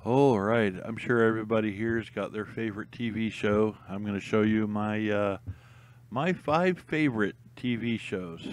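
A man's voice: on the low side, moderate pace. A young man chatting casually to camera, rambling with lots of ums and uhs and frequent laughs. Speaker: vlogger.

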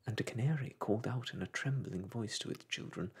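A man reading a classic story aloud in a soft, gentle storytelling voice. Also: fairly low pitch, brisk, slightly rough.

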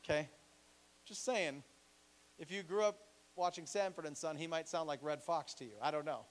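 A male pastor preaching a sermon in a church, animated and joking, acting out the voices he quotes. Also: a little high, moderate pace.

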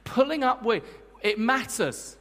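A man preaching a sermon to a congregation, energetic and emphatic, joking with the crowd between points. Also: very high voice, unhurried. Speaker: guest preacher. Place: church hall. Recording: long church hall reverb.

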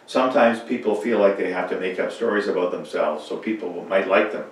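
A man's voice: low-pitched, brisk. A man reading a children's story aloud in a church, telling it expressively. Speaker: reader. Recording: echoey church from far off.

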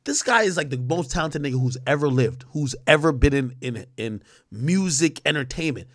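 A man's voice: fairly high pitch, expressive, moderate pace, a bit bright, no echo. Blunt, profane male streamer, dry sound. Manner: blunt, profane, chuckling asides. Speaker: streamer host. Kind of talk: casual reaction commentary.

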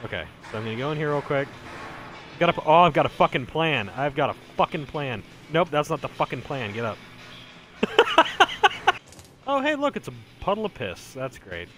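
A man's voice: mid-range voice, lively intonation, fairly quick, fairly bright tone, faint music behind. A man streaming horror gameplay while tipsy and out of breath, swearing, yelping at scares and cracking jokes between them. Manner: jumpy, yelps and swears, jokey asides. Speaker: gaming streamer. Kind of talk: live horror gameplay commentary.

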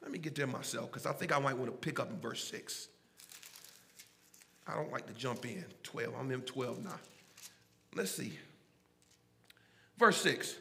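A man preaching a sermon in a church, animated and folksy, calling out to the congregation and swinging between shouts and low asides. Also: a little slow, creaky, pauses often, long reverb tail. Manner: casual, folksy phrasing. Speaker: pastor. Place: church sanctuary.

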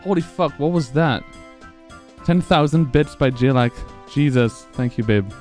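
A young man streaming live, excited and out of breath from laughing, swearing freely as he celebrates. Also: mid-range voice, unhurried, soft background music. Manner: excited, profane, laughing between lines. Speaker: speedrun streamer.

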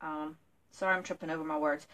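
A woman's voice: low-pitched, fairly even intonation, quick pace, bright, forceful tone. A woman chatting casually through a furniture painting how-to, with lots of ums. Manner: chatty, lots of ums, talks to her dog. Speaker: furniture makeover vlogger.

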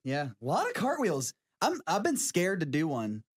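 Excitable man with a Southern twang. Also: on the high side, normal speed. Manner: excitable, yelling and laughing, swearing. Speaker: band member guest. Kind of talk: casual live radio chat.

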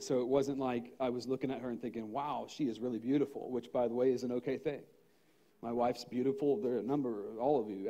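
A middle-aged man from the United States, a pastor telling a personal story in a spontaneous sermon, conversational and animated, laughing often and acting out his own thoughts. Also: medium pitch.

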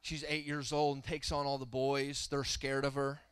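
In the church sanctuary, a man in his thirties, a guest preacher, tells stories and then builds to fervent preaching. His medium-pitched voice is a bit bright and smooth, with a completely flat delivery at a moderate pace, captured in a dry recording.

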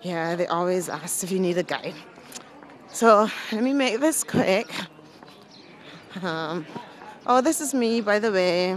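A young woman, a student reporter, walks through a crowded church vlogging casually on her phone and mocking herself along the way. Her medium-pitched voice is animated yet slow, with frequent pauses. The handheld phone audio captures a crowd of visitors.

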